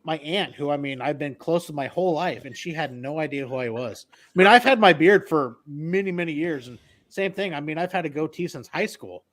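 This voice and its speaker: Male co-host, a bit high, lively and loose-tongued. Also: fairly quick. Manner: lively storyteller, swears freely. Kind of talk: casual chat.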